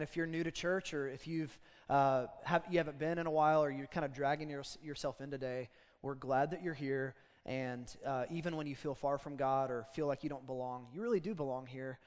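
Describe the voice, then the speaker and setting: A man preaching a casual, animated sermon as pastor of a church. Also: on the high side, long reverb tail. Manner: conversational, animated storytelling.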